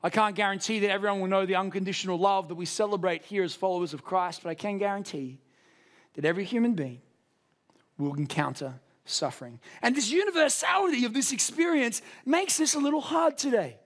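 A young man preaching a sermon. He tells a story with self-deprecating humor, in an animated way. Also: sits high, brisk.

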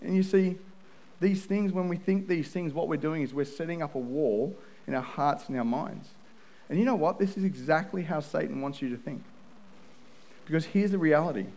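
A man preaches from the pulpit in an earnest, personal tone. His voice sits a little high for a man, and he trips into quick repeated restarts as he tells his story. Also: darkish tone, rough recording. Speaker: pastor. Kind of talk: sermon.

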